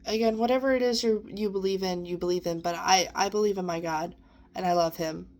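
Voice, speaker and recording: A woman's voice: on the low side, fairly even intonation, a little fast, darkish tone. Earnest woman in an emotional self-talk. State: near tears at times. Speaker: vlogger. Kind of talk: personal reflective monologue.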